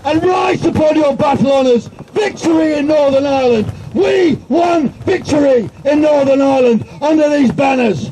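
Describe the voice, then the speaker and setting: A man's voice: very high-pitched, normal speed, hardly any pauses. A man giving a rousing, defiant speech at an outdoor protest rally. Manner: shouting slogans, rousing and defiant. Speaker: protest speaker. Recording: crowd noise, distant outdoor mic. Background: crowd.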